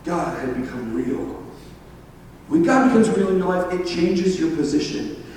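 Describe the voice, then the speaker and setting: A man preaching a sermon, telling stories with laughter and animated asides. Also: a little high, measured pace, slight background noise. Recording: echoey hall from far off.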